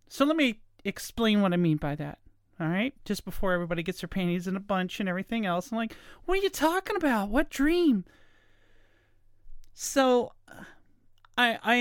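A woman's voice: medium pitch, clear, resonant tone, dry recording, studio quality. A woman hosting her own podcast, talking in a chatty, meandering, friendly way in a casual solo monologue. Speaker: podcast host. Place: at home late at night.

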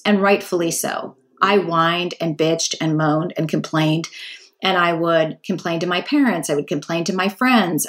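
A middle-aged woman hosting a podcast, telling a personal story in a candid, chatty way and talking straight to her listeners. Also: fairly low pitch. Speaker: podcast host.

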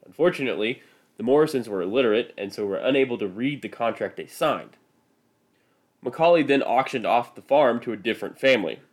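A man's voice: mid-range voice, animated, a little fast. A man with a Midwestern American accent, hosting a history podcast and narrating from a script in a casual, self-deprecating way. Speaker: podcast host.

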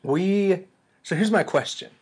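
A man's voice: high voice, unhurried, a little mellow, slightly rough. A man from West Texas with a drawl, co-hosting a podcast in a good-humored way and laughing easily. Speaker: podcast co-host and book author. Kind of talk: casual podcast chat.

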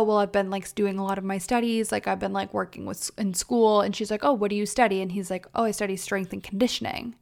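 A woman's voice: mid-range voice, gravelly, darkish tone. A young woman hosting a podcast, recapping casually and chatting away, acting out other people's quotes in her own voice. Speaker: podcast host. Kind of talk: casual solo recap chat.

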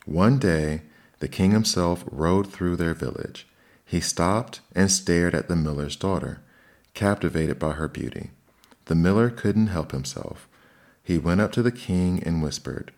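Male storyteller, very low voice, measured fairy-tale narration. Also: a little mellow.

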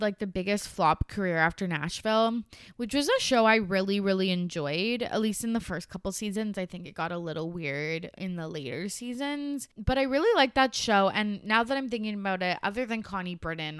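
A woman's voice: medium pitch, fairly bright tone, clean tone, no room sound, clean studio sound. A young woman hosting a podcast, chatting casually and sarcastically about a movie, with frequent swearing and filler words. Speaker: podcast host. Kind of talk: casual movie review chat.

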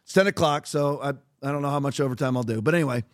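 High-voiced man hosting heated commentary. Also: very fast. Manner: heated, emphatic, repetitive. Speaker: podcast host. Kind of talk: opinionated political commentary.

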